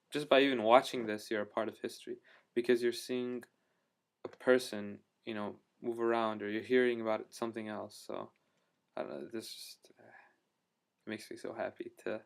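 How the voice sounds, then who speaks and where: His voice is gravelly and fairly low as he recounts a trip in a casual travel video diary. Full of fillers and restarts, he rambles enthusiastically about the things he saw.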